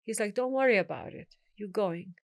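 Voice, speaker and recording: A woman's voice: medium pitch, normal speed, no echo. Middle-aged woman telling her story in an interview, does the voices of people she quotes, dry close sound. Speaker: guest.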